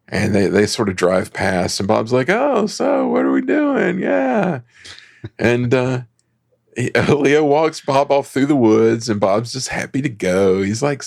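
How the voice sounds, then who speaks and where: A man's voice: lowish voice, creaky. A man co-hosting a film society show, chatty and laughing as he recaps the plot in a casual way. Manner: chatty, laughing, many ums.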